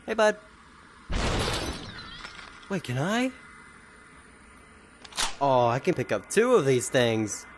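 Lively, slow-talking VR gameplay commentator. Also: mid-range voice, slight background noise. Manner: chatty, taunts enemies playfully. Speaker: gaming video host.

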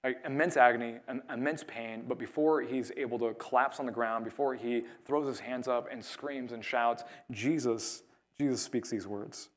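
A man pastor, preaching a sermon in a conversational way and dropping to a hush for quoted words. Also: medium pitch, steady tone, moderate pace. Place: church.

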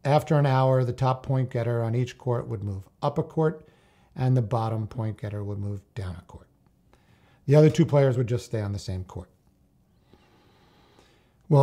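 A man narrates a story calmly and without hurry. His voice is low and mellow, with a gravelly, husky grain. He speaks as a coach telling a lesson from his teaching. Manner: calm, measured, unhurried storyteller. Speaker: tennis coach.

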